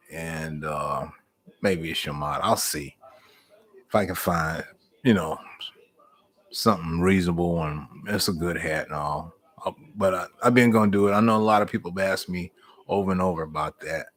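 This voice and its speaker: Middle-aged man, folksy live-stream host, somewhat low voice, easygoing storyteller. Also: moderate pace. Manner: folksy, storytelling, warm Southern American speech with "y'all". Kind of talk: casual live-stream chat, reading viewer comments.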